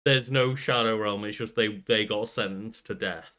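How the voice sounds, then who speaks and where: Casting: young man, bright, tense tone, laid-back podcast co-host. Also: fairly low pitch, normal speed. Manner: musing, laid-back, trailing sentences. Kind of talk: casual chat.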